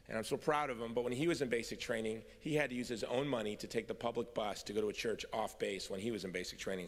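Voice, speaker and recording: A middle-aged man with a mid-range, fairly bright voice gives a personal testimony speech to a convention in a large hall, where the recording carries long reverb. He tells his story with wry humour that eventually turns earnest.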